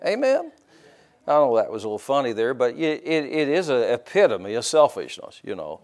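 A man's voice: mid-range voice, big pitch swings, fairly quick, a little mellow. A middle-aged man preaching a sermon in a church, folksy and joking, with frequent amens and hallelujahs. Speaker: pastor.

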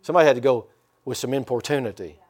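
A man's voice: medium pitch, rapid-fire, darkish tone, husky. A man preaching a conversational sermon and talking directly to his congregation. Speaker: pastor.

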